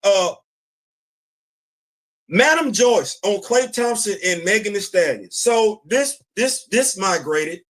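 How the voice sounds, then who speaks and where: A man hosts a casual commentary podcast, speaking bluntly and emphatically and repeating his points. His high voice is expressive and a bit bright, and he takes his time.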